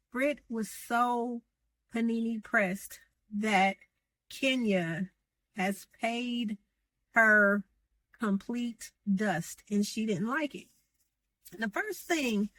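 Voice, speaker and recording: A woman's voice: fairly high pitch, no echo. A woman giving a sassy, slangy recap of reality TV gossip, acting out what the cast said. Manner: sassy, animated, slangy, acts out quotes. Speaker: gossip commentator.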